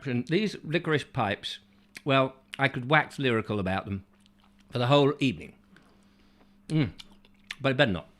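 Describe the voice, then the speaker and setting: A man's voice: mid-range voice, animated, normal speed, pauses often, fairly bright tone. A man hosting a chatty live show, reading out viewer comments with playful, rambling asides. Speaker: host.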